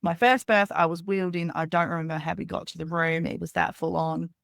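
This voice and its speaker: A woman in her thirties speaks with a lowish, gravelly voice as a podcast guest. She tells her story candidly and rambles, scattering "like" through her sentences. The sound is close and dry. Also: steady tone, a little fast, no room sound. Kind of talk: personal storytelling in an interview.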